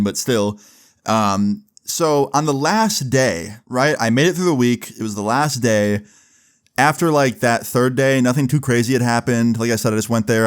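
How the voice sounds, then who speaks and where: A man's voice: medium pitch, clean tone. Chatty young man telling a story. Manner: loose and chatty, heavy on "like" and swearing. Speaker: storyteller vlogger. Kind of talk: casual storytime vlog.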